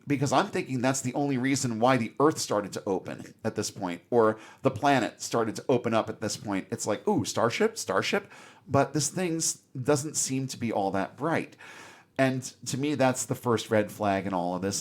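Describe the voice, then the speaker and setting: A man's voice: mid-range voice, animated, normal speed. A man co-hosting a podcast, retelling a film scene in a wry, sarcastic way with mocking asides. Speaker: podcast co-host. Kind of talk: casual film review chat.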